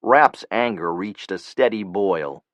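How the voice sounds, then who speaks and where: A male narrator reads a thriller audiobook in an even, measured way. His voice sits low. The recording is dry and close. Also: no room sound.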